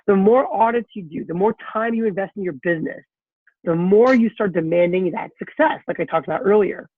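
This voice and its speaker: A man's voice: high-pitched, fairly quick, dry recording. A man as a sales coach leading a group conference call, giving a direct, repetitive pep talk. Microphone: conference call line. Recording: tinny phone-line call audio.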